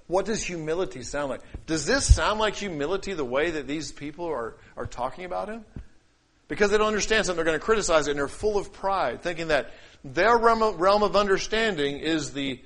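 A man delivering a sermon in a slightly raised voice. He declaims scripture boldly, then drops to quiet, low asides, and acts out everyday voices to make his point. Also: expressive, a little fast. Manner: shifts between loud declaiming and quiet asides. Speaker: pastor.

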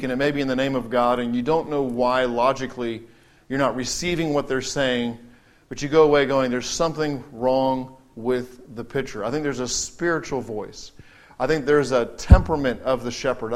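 A man preaching a sermon, reading Scripture aloud and slowing down to stress key words. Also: medium pitch. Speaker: pastor.

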